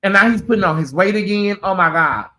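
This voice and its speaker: Sassy male host chatting on a livestream with a high, crisp, bright voice. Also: a little fast. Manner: sassy, chatty, calls listeners honey and y'all. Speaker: channel host. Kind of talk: casual livestream chat.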